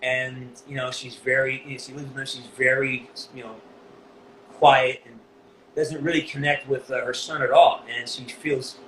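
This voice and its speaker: A man's voice: medium pitch, flat delivery, a bit bright. Emotional man telling a story in an echoey room. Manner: emotional, swears freely, halting restarts. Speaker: voice actor guest. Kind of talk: casual storytelling interview. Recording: echoey room with faint background noise.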